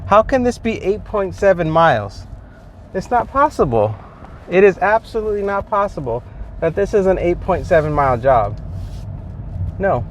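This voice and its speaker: A man's voice: high voice, big pitch swings, normal speed. A man vlogging from inside his car while driving deliveries, rambling and exasperated, often restarting his sentences. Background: faint car and road noise.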